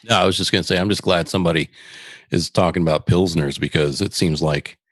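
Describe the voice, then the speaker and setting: Very deep-voiced man, dry asides. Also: fairly even intonation, fast, a bit bright, no echo. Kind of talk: casual chat.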